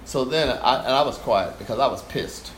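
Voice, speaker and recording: A man's voice: medium pitch, brisk. An older man, a guest performer, telling a story in conversation and acting out the voices of the people in it. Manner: animated storyteller, acts out voices. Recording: echoey room, faint hiss.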